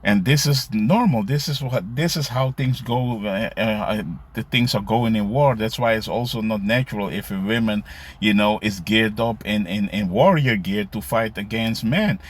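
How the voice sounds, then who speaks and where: Male commentator, lowish voice, casual scripture talk, frequent "you see, man" tags. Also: normal speed. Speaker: religious commentator.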